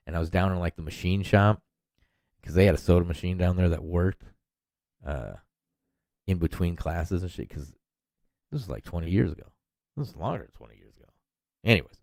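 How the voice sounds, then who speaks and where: A man's voice: low-pitched, gravelly, a little mellow, dry recording. A man in his thirties hosting a podcast, ranting in a profane, rambling, heated way. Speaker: podcast host. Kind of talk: solo rant podcast.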